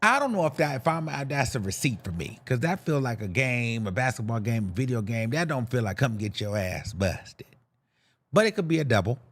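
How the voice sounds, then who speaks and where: Talking to himself on his podcast, a young man dishes celebrity gossip with animated sass and campy slang. His mid-range voice moves fairly quickly, with hardly any pauses.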